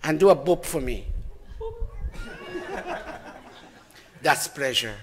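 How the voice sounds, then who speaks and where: A man preaching a sermon, emphatic and animated, swinging from loud to soft. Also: mid-range voice, moderate pace, a little hiss or hum. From Guyana. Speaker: spiritual teacher.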